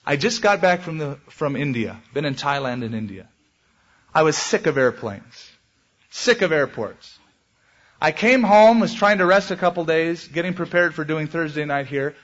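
A man preaching a sermon as pastor, with animated delivery and dramatic swings in pitch. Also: normal speed, dull audio.

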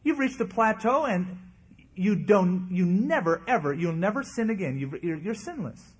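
A man's voice: high-pitched, animated, normal speed, husky. A man preaching a sermon as pastor, earnest and emphatic, his emphasis swinging up and down.

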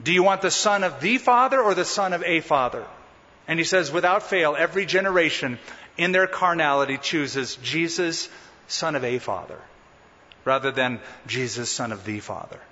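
A man's voice: fairly high pitch, lively intonation, normal speed, sharp tone. A man preaching a sermon as pastor, emphatic and dramatic, stretching out key words. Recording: muffled sound in a reverberant hall.

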